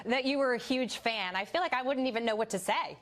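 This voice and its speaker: Female news anchor, slightly high voice, warm conversational interviewer. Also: fairly quick. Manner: encouraging, conversational questioning.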